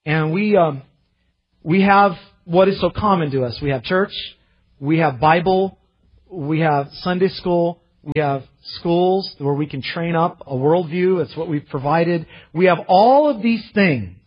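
A husky-voiced man preaching a sermon from the pulpit, pitched a little high for a man. He swings earnestly between loud pleading and quiet, close asides. The recording is muffled and lo-fi. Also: unhurried. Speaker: pastor. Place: church.

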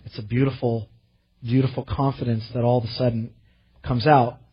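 A man preaching a sermon to his church, earnest, rising to loud pleading and dropping to quiet asides. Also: mid-range voice, level tone, moderate pace, slightly rough, muffled recording. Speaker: pastor.

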